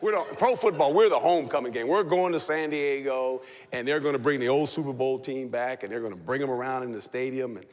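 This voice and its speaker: A man, a football coach, telling a lively story on a talk show and laughing as he goes. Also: medium pitch, fairly quick, hardly any pauses. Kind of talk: animated anecdote on a TV talk show. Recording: long hall reverb.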